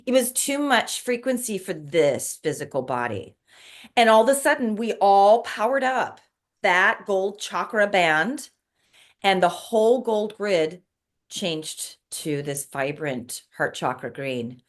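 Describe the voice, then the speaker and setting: A middle-aged woman speaks at an ordinary pitch, recounting a vivid spiritual dream with earnest emotion. She restarts her sentences often as her feelings come through. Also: animated, slow pace. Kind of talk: casual conversation.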